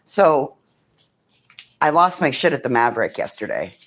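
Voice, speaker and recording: Woman, very low voice, livestream host, casual chat, storytelling, frequent swearing. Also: sing-song, normal speed. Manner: chatty storytelling, swears freely; coos softly over a child's craft.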